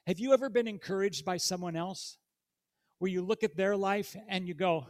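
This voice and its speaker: A man's voice: high voice, normal speed. A man preaching a sermon in a church, reading scripture aloud and putting questions directly to the congregation in a conversational way. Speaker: guest preacher.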